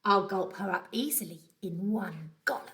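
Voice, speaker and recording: A woman's voice: a little high, animated, unhurried, a bit bright. A woman voicing a greedy, scheming male crocodile from a storybook, gloating and muttering to himself.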